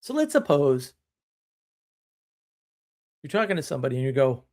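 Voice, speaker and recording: A man's voice: a little high, sing-song, moderate pace, pauses often, darkish tone. A man hosting a live stream, talking bluntly and emphatically, now and then mimicking other people as he tells stories. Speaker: host.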